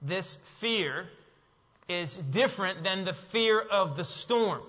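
A man with a high, bright voice preaching a sermon, building to emphatic peaks and then dropping soft. His voice carries a long hall reverb in a dull, muffled recording. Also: lively intonation, slow. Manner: preaching with rising, emphatic bursts and soft drops. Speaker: pastor.

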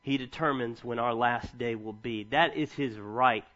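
A pastor in his thirties preaches unhurriedly in a mid-range voice, reading scripture and sharing funny family-life stories with animated humor. The sound quality is lo-fi.

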